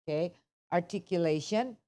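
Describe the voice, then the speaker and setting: Mellow woman tutor. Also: on the low side, unhurried. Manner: switches between English and Indonesian, keeps quizzing listeners. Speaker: English test tutor. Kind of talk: workshop teaching.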